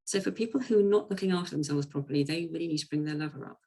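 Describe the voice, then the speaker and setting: A woman's voice: deep voice, rapid-fire, warm tone, poor audio. A woman coach giving a chatty, informal presentation talk, with frequent ums. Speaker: women's coach.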